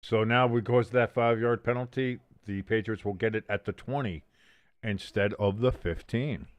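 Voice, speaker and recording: A man's voice: lowish voice, steady tone, moderate pace, no echo, lo-fi sound. A man hosting a casual sports watch-along stream, doing joking, profane play-by-play and banter. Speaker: livestream host doing play-by-play.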